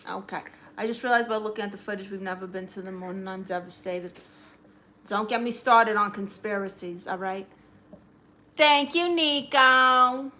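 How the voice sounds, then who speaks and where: Speaking fairly quickly in a steady, mid-range, slightly bright voice, this Brooklyn, New York native hosts a casual livestream over slight background noise. She offers advice with sass, teasing commenters and addressing them as honey.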